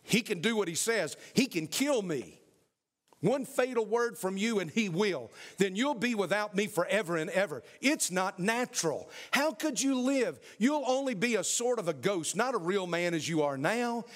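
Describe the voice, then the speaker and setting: A man's voice: expressive, normal speed, a bit bright. A man voicing a small male red lizard that mocks and pleads, coaxing in a raised voice. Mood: pleading. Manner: pleading and coaxing, rising pitch.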